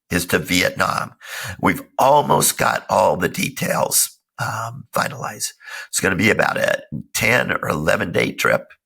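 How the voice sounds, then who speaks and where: A middle-aged man hosting a self-help podcast, talking casually and earnestly while hoarse from a cold. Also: sits low, pushed and bright. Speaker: podcast host. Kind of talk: casual solo podcast talk.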